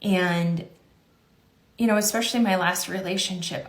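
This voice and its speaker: A woman's voice: on the low side, steady tone, normal speed. A woman giving a confessional monologue in a weary, resigned way. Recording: roomy echo.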